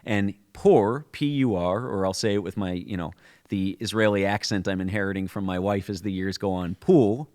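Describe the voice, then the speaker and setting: A man's voice: low-pitched, steady tone, a little fast, clear, resonant tone. A man co-hosting a podcast, explaining a holiday story in a conversational, storytelling way with frequent restarts. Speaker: podcast co-host.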